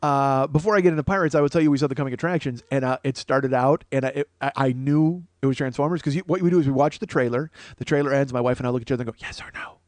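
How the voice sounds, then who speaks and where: A man's voice: mid-range voice, very fast, hardly any pauses, darkish tone, dry recording. A man hosting a comedy podcast, ranting in a rambling, profane way that keeps interrupting itself. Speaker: podcast host.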